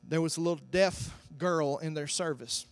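A man with a high-pitched voice preaches a sermon, moving from quiet storytelling to shouted climaxes. The sound is dry and close, with a faint mains hum behind him. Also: moderate pace, no room sound. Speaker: pastor.

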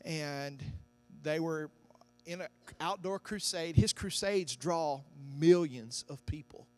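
A man preaching a sermon, telling a story that builds to loud, shouted climaxes. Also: fairly high pitch, takes it slowly. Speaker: pastor.

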